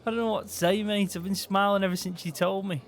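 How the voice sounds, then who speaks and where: A young man, chatting in character during a farming game roleplay, friendly and quick to cheer. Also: high voice, fairly even intonation. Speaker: roleplay player. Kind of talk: casual in-character roleplay chat.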